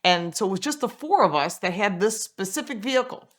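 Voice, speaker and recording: Woman car journalist with a racing background spinning a yarn, pitch jumping all over, animated delivery. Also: a little fast. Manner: animated, acts out quoted dialogue. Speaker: automotive journalist and racer. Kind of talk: casual storytelling anecdote.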